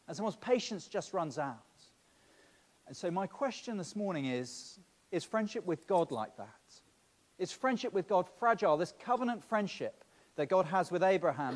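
Male pastor, somewhat high-pitched, preaching in a church with long reverb, stop-start repetitions. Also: a little mellow. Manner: repeats words at the start of phrases; speaks directly to the children. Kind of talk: sermon.

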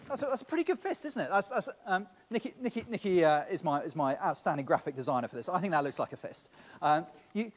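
A man's voice: a little high, very animated, fast talker. A man preaching a sermon, speaking to the children directly and often repeating words as he starts phrases. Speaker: pastor. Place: church. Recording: long reverb of a church hall.

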